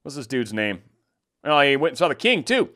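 A man's voice: mid-range voice, very animated, normal speed, bright, forceful tone. A man giving casual, sarcastic political commentary, ranting and mocking.

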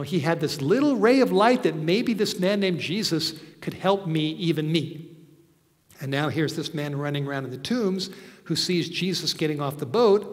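A man preaching a sermon, telling the story slowly and earnestly with soft asides. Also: on the high side. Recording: long hall reverb.

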